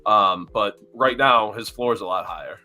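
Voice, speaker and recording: A man co-hosting a podcast, giving animated fan opinions in casual chat. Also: fairly low pitch, moderate pace, slight background noise. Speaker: podcast co-host.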